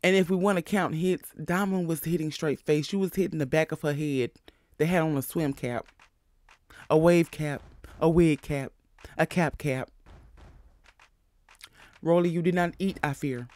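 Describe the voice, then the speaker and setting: A man hosting a casual recap of a reality show, sassy, animated and profane as he talks. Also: a little high, measured pace, pauses often, no room sound.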